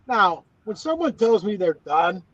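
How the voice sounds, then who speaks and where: A man's voice: sits high, very animated, measured pace, a bit bright, dry recording. Man, from West Virginia, middle-aged, folksy rambling storyteller, dull dry lo-fi sound. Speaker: guest, former ballplayer. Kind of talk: casual interview chat.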